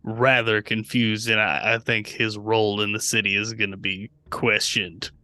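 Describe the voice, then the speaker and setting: A man's voice: lowish voice, little pitch movement, moderate pace, bright, forceful tone, no room sound. A man playing his character in a tabletop game, hesitant and full of fillers. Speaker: player.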